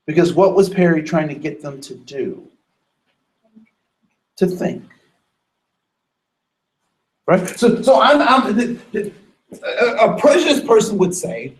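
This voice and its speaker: This high-pitched man speaks at a moderate pace with long pauses while giving a diversity training workshop. He animatedly acts out voices in his stories and asks the room questions, all captured on a rough recording.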